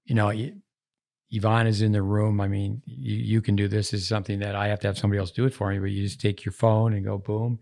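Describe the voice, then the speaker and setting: A man's voice: on the low side, little pitch movement, quick pace, gravelly, a little mellow. A man hosting a podcast, chatting casually and drifting from one story to the next as he goes. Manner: rambling, digressive storytelling. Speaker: podcast host. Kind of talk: casual conversation.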